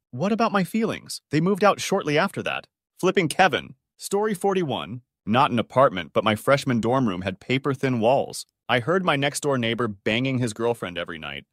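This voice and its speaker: A man narrating a string of short online stories in a steady, scripted reading voice. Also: lowish voice, no echo, clean studio sound.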